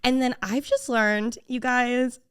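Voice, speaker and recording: A young woman tells a story on a podcast in a loose, chatty way, with plenty of "like" and "you know". Her voice sits a little high and leaps around as she acts out what other people said. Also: takes it slowly, smooth. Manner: animated, quotes people in shifting voices, many "like" fillers. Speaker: podcast co-host. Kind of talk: casual storytelling chat.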